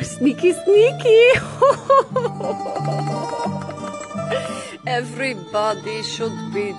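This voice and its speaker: A woman putting on a brash Russian radio lady. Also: fairly high pitch. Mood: sneaky. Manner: broken English mixed with Russian words, theatrical. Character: brash sly Russian woman radio host who takes from men. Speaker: host.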